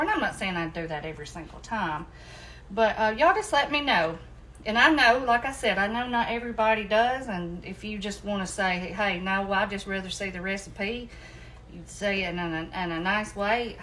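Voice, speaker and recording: A woman's voice: medium pitch, fairly bright tone, slight background noise. A woman chatting folksily with viewers as she cooks at home, calling them y'all. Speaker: home cooking vlogger. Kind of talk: casual chat while cooking. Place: home kitchen.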